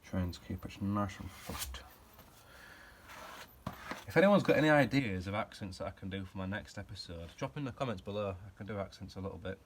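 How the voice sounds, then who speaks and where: A low-voiced man talking to camera in a home garage while he works, drifting between jokes and shop talk. He pokes fun at himself and rambles off on tangents as he goes. A faint background hum sits under his voice. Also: lively intonation, fairly quick. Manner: chatty, self-mocking, rambling asides while working. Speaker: hobby car restorer and channel host. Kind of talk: casual workshop vlog chat.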